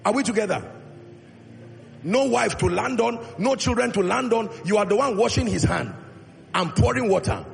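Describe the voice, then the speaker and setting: A man's voice: sits high, lively intonation, moderate pace, vocal fry, slight background noise. A male pastor preaching a sermon with emphatic delivery, acting out Bible dialogue in his own voice. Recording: long reverb in a large hall, faint music.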